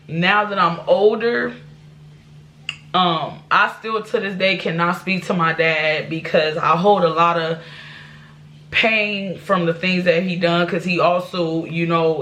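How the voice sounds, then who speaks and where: A woman's voice: fairly low pitch, a bit bright. A woman vlogger telling a personal life story to her viewers, candid and rambling, with restarts and asides. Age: adult.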